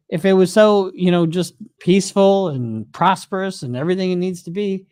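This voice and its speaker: A man with a fairly high voice talks through his views as a criminal lawyer in a loose, casual chat. He rambles, circles back and pads his points with fillers, and he sounds very dry and close to the mic. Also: moderate pace, darkish tone, clear, resonant tone, no room sound.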